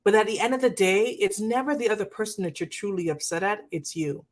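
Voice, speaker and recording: A woman's voice: mid-range voice, fast. A woman giving a live coaching talk on relationships, earnestly speaking to her viewers and often checking in with "okay?". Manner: addresses viewers directly, asks for comments. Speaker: marriage coach.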